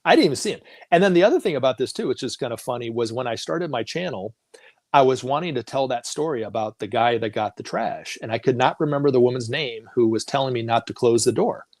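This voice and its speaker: A man's voice: mid-range voice, lively intonation, quick pace, dry recording. A man talking as a guest on a talk show, telling stories casually and acting out the voices of the people in them, laughing often.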